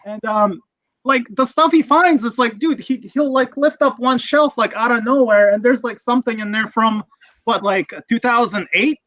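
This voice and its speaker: Bright-voiced man ranting profanely. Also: extremely high pitch, normal speed, dry recording, low-quality recording. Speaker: livestream host. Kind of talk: casual livestream chat.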